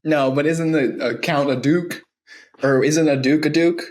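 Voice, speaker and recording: A man's voice: on the high side, steady tone, measured pace, darkish tone. A man co-hosting a comedic podcast, riffing and rambling through jokes in casual chat. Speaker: podcast co-host.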